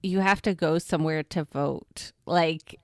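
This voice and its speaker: A woman co-hosting a podcast in relaxed casual chat, laughing easily. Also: deep voice, measured pace, no echo, studio quality. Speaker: podcast co-host.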